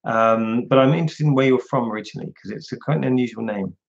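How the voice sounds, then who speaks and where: A man's voice: mid-range voice, quick pace, gravelly, highs cut off. A man hosting a casual livestream, chatting and answering viewers' questions one by one. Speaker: livestream host.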